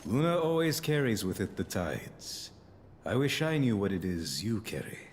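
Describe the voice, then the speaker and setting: An actor playing a calm, wry and philosophical spacer in a video game. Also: male voice, on the low side, normal speed, slight background noise. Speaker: game character.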